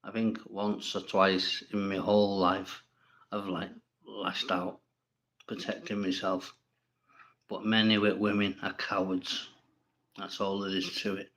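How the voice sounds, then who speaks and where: Guy on a livestream, slow drawl, blunt and sweary, rambles at the comments. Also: sits low, level tone, fairly bright tone. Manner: blunt, swearing, rambling, talks back to viewers. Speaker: livestream host. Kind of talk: casual livestream chat reading comments.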